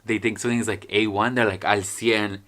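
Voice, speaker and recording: A man's voice: lowish voice, fairly even intonation, rapid-fire, fairly bright tone. Joking, foul-mouthed young man rambling. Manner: rambling, swears a lot, joking. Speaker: vlogger. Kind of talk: casual storytime vlog.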